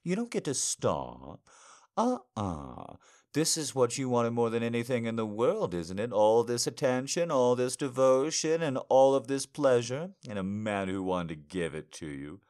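A man speaking an intimate roleplay monologue straight to the listener, murmuring low, teasing and commanding. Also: big pitch swings, a little slow, a little mellow. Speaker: audio roleplay narrator.

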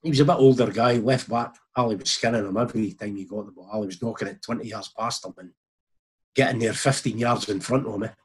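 A Scottish man in casual chat, telling animated anecdotes and acting out the people in them. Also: lowish voice, fast, husky. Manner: broad, animated storytelling with acted quotes.

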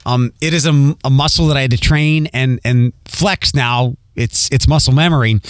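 A man's voice: medium pitch, moderate pace, no echo. A man from Philadelphia with a light Philadelphia accent, hosting a podcast in a rambling, casual monologue with many ums. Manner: rambling, with frequent ums and repeats. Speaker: podcast host.

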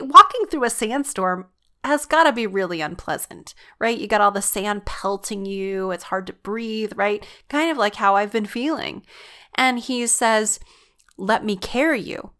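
Slow-talking stressed, earnest woman. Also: medium pitch, bright, forceful tone. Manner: earnest, confiding, emotional. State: stressed and worn out. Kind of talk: personal faith vlog.

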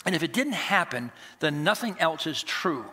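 A male pastor preaching an emphatic, animated sermon and acting out conversations. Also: fairly high pitch, moderate pace. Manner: animated, emphatic, acts out dialogues.

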